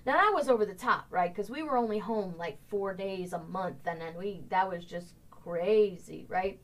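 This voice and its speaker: A woman hosting a casual talk show, upbeat and quick to laugh as she reads out viewers' hometowns. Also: mid-range voice. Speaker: show host. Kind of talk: casual morning show chat. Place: home studio set.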